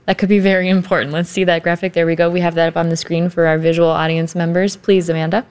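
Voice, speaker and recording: A woman's voice: fairly low pitch, level tone, fast talker, darkish tone, clear, resonant tone. A woman hosting a broadcast interview in a studio, upbeat and guiding her guests along. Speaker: show host.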